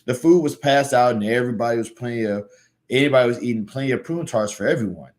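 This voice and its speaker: A man's voice: medium pitch, fast, darkish tone, close to an everyday voice. A man reading as an earnest little cartoon hero. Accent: Southern US.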